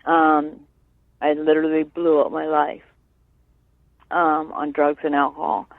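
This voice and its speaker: A woman guest being interviewed, speaking earnestly and haltingly with many fillers and tag questions like "right?". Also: low-pitched, level tone, no room sound. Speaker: guest, sister of a late musician. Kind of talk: candid interview over the phone. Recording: dry tinny phone line.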